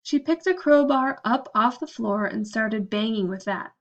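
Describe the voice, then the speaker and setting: A woman reading a children's storybook aloud with steady, expressive narration. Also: on the high side, measured pace, muffled recording. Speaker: audiobook narrator.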